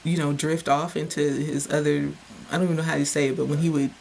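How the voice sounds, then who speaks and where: A woman who works as a caregiver, chatting in a relaxed way with trailing restarts. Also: deep voice, quick pace, gravelly, slight background noise. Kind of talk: casual chat.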